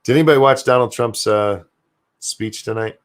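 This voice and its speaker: Hosting a live stream by himself, an older American grandfather speaks in a mid-range voice at a moderate pace. He reads viewers' messages out loud, chats casually, and swears liberally as he rambles.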